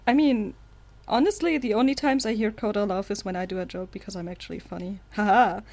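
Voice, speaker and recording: A woman's voice: mid-range voice, fairly even intonation, quick pace, warm tone. Playful, teasing woman podcaster. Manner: teasing, playful, laughs often. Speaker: podcast co-host. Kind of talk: casual chat.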